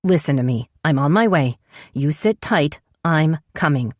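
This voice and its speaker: A woman voicing a calm, firm woman giving instructions over the phone. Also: deep voice, a little slow, no echo, studio quality.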